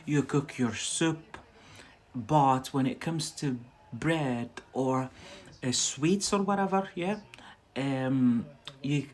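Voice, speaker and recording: A man with a Scottish-influenced accent teaching English on a casual livestream, chatty and loose, repeating words for his viewers. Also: mid-range voice. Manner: talks to viewers directly and stretches out key words.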